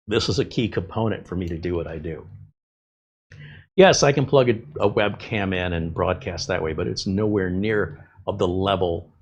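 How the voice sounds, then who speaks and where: A man's voice: deep voice, breathy edge. A middle-aged man, a tech host, chatting casually and rambling off on tangents while he works on a computer build. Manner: rambling, conversational, with fillers and tangents. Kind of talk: casual chat while working.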